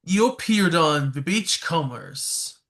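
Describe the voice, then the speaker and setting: A man's voice: a little high, lively intonation, a bit bright. A man hosting a podcast, asking short interview questions. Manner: brief, unhurried questions. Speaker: podcast host.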